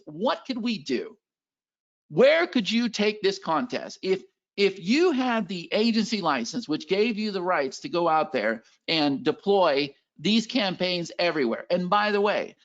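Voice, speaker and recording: Hyped up guy running a sales webinar, gravelly voice, bouncy pitch, pushing the chat hard. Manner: energetic and pushy, hyping the chat, lots of repetition. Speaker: webinar host selling software. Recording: dull lo-fi webinar audio.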